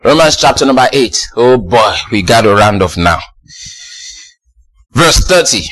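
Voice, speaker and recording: A man preaching a sermon, exuberant, often laughing and shouting praise and calling out to the congregation. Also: medium pitch, lively intonation, measured pace.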